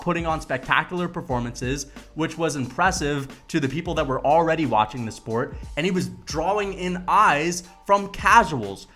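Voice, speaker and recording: A man ranting to camera about fighters, casual and profane, with emphatic, animated delivery. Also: a little high. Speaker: MMA commentary vlogger. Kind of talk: casual opinion rant to camera.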